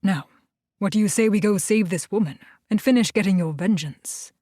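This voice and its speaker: A woman voicing the devil, a powerful man who speaks in a low, calm, controlled voice, in an audiobook. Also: normal speed, no echo, studio quality, close to an everyday voice. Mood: calm commanding.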